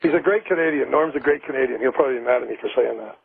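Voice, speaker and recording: A husky-voiced man rattles off quick, self-deprecating remarks from the other end of a call. His voice is dry and squeezed through a tinny phone line. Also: mid-range voice, no echo. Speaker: phone-in guest. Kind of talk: casual radio chat.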